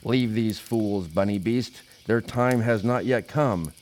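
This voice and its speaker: A man voicing a robed male shaman who speaks in slow, grave pronouncements. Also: lowish voice, darkish tone. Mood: solemn.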